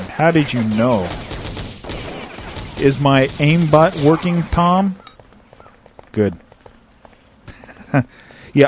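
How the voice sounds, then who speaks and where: A man's voice: on the high side, noisy background. A man hosting a casual internet radio show from his apartment, joking and rambling with many fillers while he plays a shooter and calls the action. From Southern California. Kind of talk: casual live commentary while playing.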